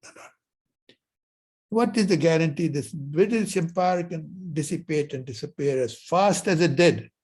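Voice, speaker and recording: In a lecture hall, a male professor gives a university lecture in storytelling mode, performing the dialogue himself. He speaks unhurriedly in a voice on the high side, husky and darkish in tone.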